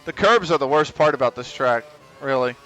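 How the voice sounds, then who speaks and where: A man's voice: mid-range voice, expressive, fairly quick, bright, forceful tone, slight background noise. A man streaming a racing game live, chatting to himself in casual commentary, swearing and grumbling as he drives. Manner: muttering to himself, swearing, frustrated laughs.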